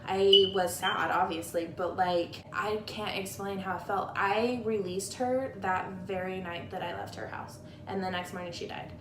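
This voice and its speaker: A woman's voice: medium pitch, steady tone, normal speed, few pauses, noisy background. A woman chatting candidly about a loss, rambling along and using "like" a lot, recorded on a tablet. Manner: candid, rambling, heavy use of "like". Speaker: guest friend. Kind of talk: casual chat about grief. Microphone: tablet camera. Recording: echoey room.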